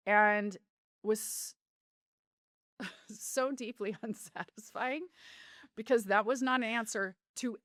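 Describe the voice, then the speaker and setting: A woman's voice: fairly high pitch, slow pace, pauses often, fairly bright tone, no room sound, studio quality. A middle-aged woman telling a personal story as a podcast guest, in an earnest, heartfelt way. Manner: earnest, heartfelt, with vivid retelling.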